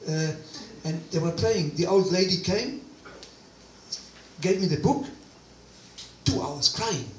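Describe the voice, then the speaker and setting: A man giving a personal testimony talk, animated storytelling with quoted dialogue, in a hall. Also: high voice, slow, long pauses, slight background noise. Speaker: guest speaker. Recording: roomy distant hall recording, faint ambience.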